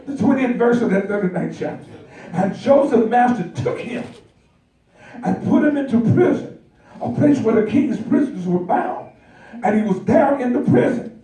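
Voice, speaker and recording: High-voiced preacher in an echoey hall. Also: male voice, moderate pace. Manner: animated storytelling, calls out to the congregation. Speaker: pastor. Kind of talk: sermon. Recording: echoey church hall, mic far off.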